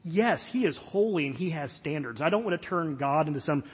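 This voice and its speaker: A middle-aged pastor from Florida preaches a sermon in a fairly quick, animated voice that sits on the high side and has a slight roughness. His manner is earnest and conversational, with light self-deprecating humor. Long hall reverb trails the recording.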